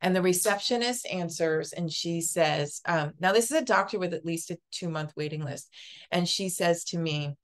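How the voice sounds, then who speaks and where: Woman, interview guest, personal storytelling, earnest, halting, lowish pitch. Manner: earnest, halting, with repeated words and fillers. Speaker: podcast guest, psychic Reiki master.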